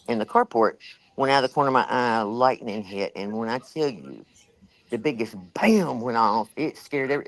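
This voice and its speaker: A woman's voice: a bass voice, no room sound, poor audio. Older woman hosting a livestream, chatty and rambling, bit breathless, dry close sound. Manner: rambling, chatty, lots of fillers. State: a little out of breath. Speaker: livestream host. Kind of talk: casual storytelling to a live chat.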